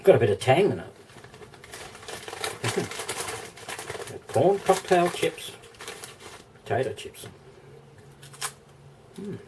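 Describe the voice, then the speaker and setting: A man's voice: on the high side, sing-song, extremely slow, pauses often, distant mic, background noise. An Australian man chatting casually in a vlog, rambling, thinking aloud and chuckling often, recorded indoors. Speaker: vlogger. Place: indoor room.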